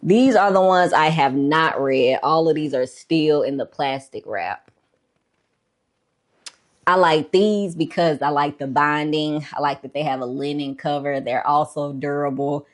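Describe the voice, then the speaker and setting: A woman with a low voice, speaking a little slowly, chats casually about her book collection as a vlogger. She's laid-back and chatty, a bit out of breath, and her show-and-tell talk is full of fillers with the occasional "y'all."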